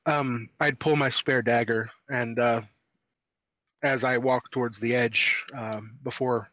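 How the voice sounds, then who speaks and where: A man's voice: medium pitch, fairly even intonation, slow pace, sharp tone, no room sound, lo-fi sound. A man playing a tabletop game, talking hesitantly with many fillers. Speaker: player. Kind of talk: casual tabletop play.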